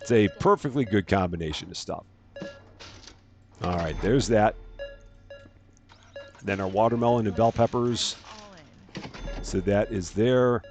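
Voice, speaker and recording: A man's voice: fairly low pitch, a little slow, pauses often, faint music behind. A man hosting a let's-play, chatting casually and narrating each task aloud, often correcting himself. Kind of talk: casual gameplay commentary.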